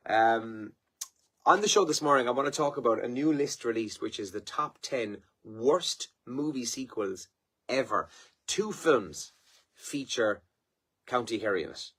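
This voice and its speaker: Chatty Irish man with a husky voice. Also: mid-range voice, a bit bright. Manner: chatty, rambling, lots of fillers. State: yawning, tired. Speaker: radio host. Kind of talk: casual newspaper review and chat.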